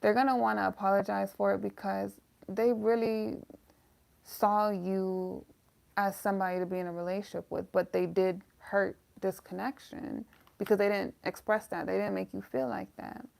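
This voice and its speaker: Woman doing a tarot reading to camera, real gravelly creaky voice, chatty and emotional. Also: medium pitch, fairly even intonation, moderate pace, a little mellow. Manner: emotional, talks straight to viewers as "y'all", swears. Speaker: tarot reader.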